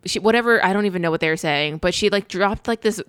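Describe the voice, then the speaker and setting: A woman co-hosting a podcast, telling stories quickly in a casual chat with many asides. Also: mid-range voice, clean tone, dry recording, studio quality. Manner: rapid, animated storytelling with frequent asides. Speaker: podcast co-host. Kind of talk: casual chat recapping a film.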